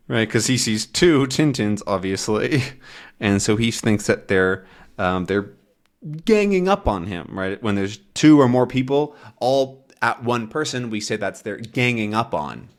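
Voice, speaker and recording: A man's voice: on the low side, expressive, a little slow. A man teaching English with a comic, explaining patiently and rephrasing words in simple terms. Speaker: English teacher and channel host. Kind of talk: slow explanatory language lesson.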